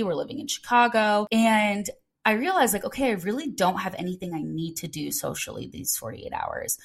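A woman in her twenties hosting a podcast, talking casually and chatty with lots of filler words. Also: medium pitch. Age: 20s. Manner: chatty, frequent "like" fillers, upbeat. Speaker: podcast host. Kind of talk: casual solo podcast chat.

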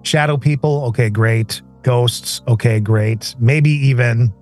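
A man co-hosting a podcast, musing in an easy conversational tone at a middling pitch. Faint music plays behind him. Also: slow, darkish tone. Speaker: podcast co-host. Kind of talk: casual chat.

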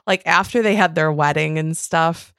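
Woman co-host, casual podcast chat, animated and giggly, cusses, a little low, dry close sound. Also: moderate pace, clear, resonant tone, no room sound. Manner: animated, giggly, swears freely. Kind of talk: casual chat about reality TV.

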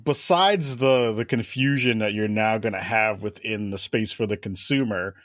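A man's voice: on the low side, moderate pace, fairly bright tone, no room sound, clean studio sound. Questioning man hosting a chat. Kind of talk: casual discussion.

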